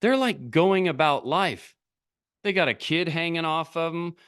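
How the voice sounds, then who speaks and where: A man's voice: fairly high pitch, unhurried, clear, resonant tone. A man giving a business coaching talk straight to camera, urging his viewers and firing off rhetorical questions. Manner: animated, urging, asks many rhetorical questions.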